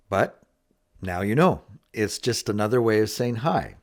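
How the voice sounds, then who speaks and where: A man teaching a beginner English lesson, saying phrases clearly and repeating them for learners to copy. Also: lowish voice, animated, unhurried.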